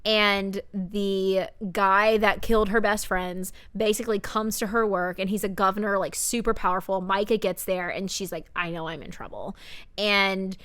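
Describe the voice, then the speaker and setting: With a clear, resonant mid-range voice, this young woman co-host talks books on a podcast at a normal speed, hardly pausing at all. Her casual chat is lively, packed with fillers and quotes she repeats back.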